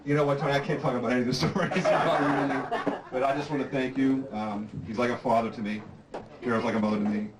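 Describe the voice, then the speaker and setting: A man's voice: medium pitch, fairly even intonation, quick pace. A man giving a jokey birthday toast, laughing and cutting his own stories short. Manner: jokey, laughing, self-interrupting. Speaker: toast giver at a birthday party. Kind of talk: joking speech. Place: room at a family party. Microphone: far camcorder. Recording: echoey room from far off, loud noise.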